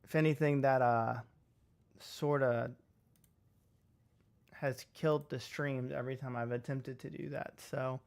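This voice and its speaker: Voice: medium pitch, fairly even intonation, measured pace, vocal fry, long pauses, a little mellow. A livestreamer in casual stream chat at a home setup, rambling with many fillers and poking fun at themselves. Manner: rambling, filler-heavy, self-deprecating. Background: faint music and keyboard typing.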